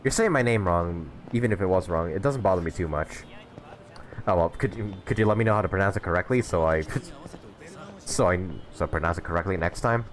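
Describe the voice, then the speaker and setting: A man's voice: low-pitched, fairly quick. A man streaming a game live, chatting casually with viewers while sick with the flu and sniffling. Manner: laid-back, chatty, laughs often. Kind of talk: casual live gameplay chat.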